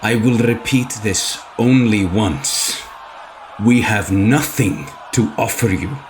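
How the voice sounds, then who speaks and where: A man voicing a grim warrior who speaks slow and measured to a crowd. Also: low voice, fairly even intonation, a little hiss or hum. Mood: steady.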